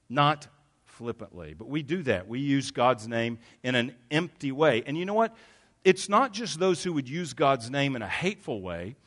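A man preaching a sermon as pastor, earnest and emphatic, often stopping to correct himself. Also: a little high.

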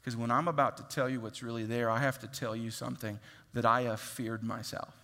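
A man preaching a sermon, acting out voices and swinging from loud to hushed. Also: mid-range voice, flat delivery, a little fast, creaky, long reverb tail. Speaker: pastor.

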